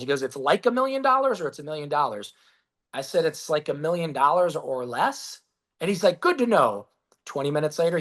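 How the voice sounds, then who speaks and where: A man being interviewed as a guest, telling stories in a lively, casual way, acting out quotes and swearing freely. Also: medium pitch. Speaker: guest, business founder. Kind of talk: storytelling in a podcast interview.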